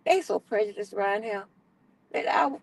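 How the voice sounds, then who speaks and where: A middle-aged woman, telling a story as an animated, profane, exasperated rant on her stream. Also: medium pitch, moderate pace, creaky, rough recording.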